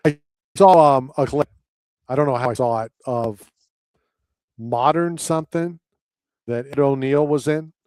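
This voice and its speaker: A man's voice: medium pitch, unhurried, pauses often, darkish tone, smooth, no room sound. A man hosting a talk radio show, telling rambling stories in casual chat. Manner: rambling storyteller, acts out voices in anecdotes.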